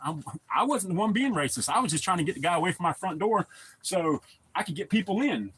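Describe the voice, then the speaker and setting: Husky-voiced man telling blunt stories. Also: high-pitched, expressive, fast, fairly bright tone, low-quality recording. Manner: profane, blunt and talkative. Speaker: live streamer. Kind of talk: casual storytelling to a live chat.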